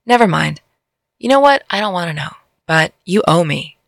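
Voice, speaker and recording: A woman voicing a blunt, stubborn young heroine in a spoken fantasy story, with a gravelly voice. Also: on the low side, lively intonation, normal speed, no echo, studio quality. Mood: bristling.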